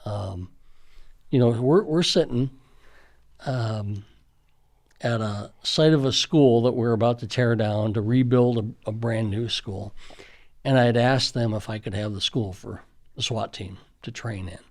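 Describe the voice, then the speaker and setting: A man's voice: medium pitch, unhurried. A middle-aged man, a school safety official, earnestly reminiscing in conversational storytelling with frequent fillers.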